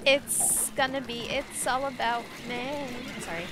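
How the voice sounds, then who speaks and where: A woman streaming a game live, chatting casually and reacting excitably to the action. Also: sits high, unhurried, over music. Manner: animated, excitable, squeals and laughs at the game.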